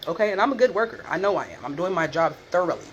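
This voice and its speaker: A woman vlogger talks through her life at a rapid clip and holds nothing back, with blunt profanity throughout. She slips into other people's voices as she retells what happened, over a faint hum of room ambience. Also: lowish voice, dull audio. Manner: candid, profane, animated retelling with quoted voices. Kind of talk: casual storytelling chat.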